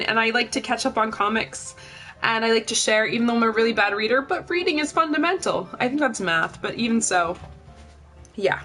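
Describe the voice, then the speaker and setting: A woman's voice: on the high side, bright, forceful tone. A young woman streamer chatting casually and profanely while reading comics, self-mocking and chatty. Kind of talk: casual chat.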